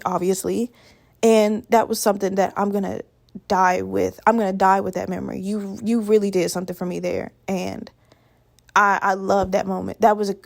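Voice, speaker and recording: A woman's voice: mid-range voice, gravelly, a little mellow, no echo, clean studio sound. A young woman in her twenties from Virginia, hosting a podcast alone in a rambling, profane, chatty way. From Virginia, USA. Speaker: podcast host. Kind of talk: casual solo podcast rambling.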